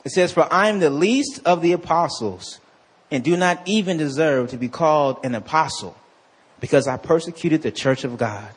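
A male pastor preaching a sermon to a congregation, calling out for responses and swinging between slow scripture reading and excited asides. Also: a little high, slightly rough.

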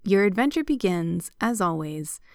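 A woman's voice: lowish voice, sing-song, normal speed, darkish tone, no room sound, clean studio sound. A woman voicing a blunt, eager young woman running a tabletop game in a story reading.

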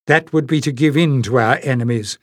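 A man's voice: medium pitch, a little fast, no room sound, clean studio sound, close to an everyday voice. A man reading aloud, voicing a brave and earnest young woman in a storybook. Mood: firm.

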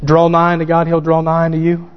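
A man preaching a sermon, fervent and growing excited as he quotes scripture. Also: on the high side, fast, clear, resonant tone. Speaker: pastor. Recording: dull lo-fi sound with long hall reverb.

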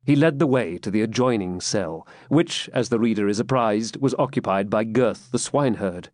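A man reading a classic novel aloud in a measured, expressive way. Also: lowish voice, no echo, studio quality. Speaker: audiobook reader.

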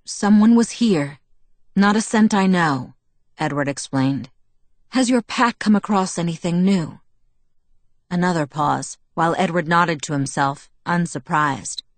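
Composed, courteous young vampire man, low and even, read by a woman narrator. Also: no room sound, natural voice. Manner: perfectly polite, measured. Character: calm, polite young male vampire. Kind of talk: audiobook character reading.

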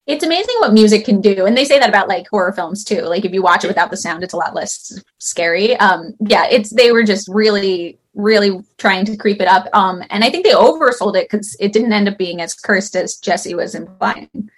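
A woman's voice: medium pitch, brisk, hardly any pauses, breathy edge. A woman from California co-hosting a casual podcast, chatting and reacting about a reality show. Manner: chatty, fillers and restarts. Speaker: podcast co-host.

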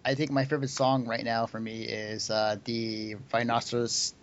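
A man's voice: mid-range voice, little pitch movement, moderate pace, slight background noise. Chatty young man on a lo-fi podcast. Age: young adult. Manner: chatty, many fillers and laughs. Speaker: podcast host. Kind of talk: casual chat. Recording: dull lo-fi audio.

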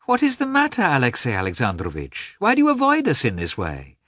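A man reading aloud, voicing a warm young mother who coaxes and pleads insistently. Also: high-pitched, big pitch swings, unhurried, no echo, studio quality, voice pushed up, full character voice. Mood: coaxing. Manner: coaxing, insistent.

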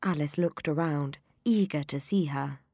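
A woman narrating a children's storybook in a measured, expressive reading. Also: low-pitched, no room sound, clean studio sound.

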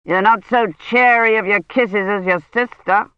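A domineering medieval knight in a storybook reading, voiced by a woman narrator, slow and commanding, with a possessive, threatening edge. The recording is dry, dull and lo-fi. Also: mid-range voice, smooth, dry recording, natural voice. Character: older knight, domineering, menacing suitor.

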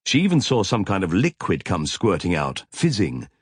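A man's voice: low voice, huge pitch swings, moderate pace, breathy edge, no echo, studio quality. A man narrating a science fiction audiobook in a vivid, tense storytelling manner.

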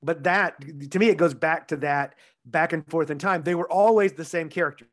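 Man, podcast co-host, measured explaining, somewhat high voice. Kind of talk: casual film review chat.

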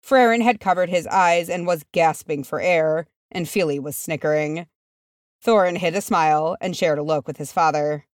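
A woman reading a fan fiction chapter aloud as narrator, measured and steady. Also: low-pitched, no echo, clean studio sound. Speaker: audiobook reader.

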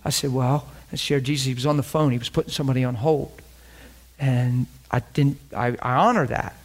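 A man's voice: medium pitch, steady tone, brisk. A man preaching a sermon, telling stories and acting out both sides of the conversations. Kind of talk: sermon with acted-out anecdotes.

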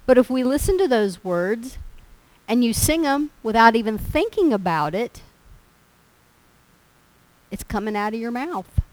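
A woman's voice: on the high side, unhurried, long pauses, poor audio. Folksy woman preaching a sermon. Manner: folksy, animated storytelling. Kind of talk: sermon with personal stories.

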